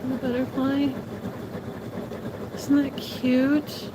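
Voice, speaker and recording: Lady doing a slow easygoing sewing livestream, admiring everything, machine noise going behind her. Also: sits high, flat delivery. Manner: chatty, admiring, answers viewers by name. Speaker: sewing shop livestream host. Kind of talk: casual live sewing demo. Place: sewing shop.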